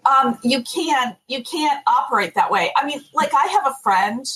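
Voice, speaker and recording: A woman's voice: high voice, lively intonation, moderate pace, fairly bright tone, breathy edge. A woman guest on a casual podcast, outspoken and emphatic. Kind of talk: casual chat.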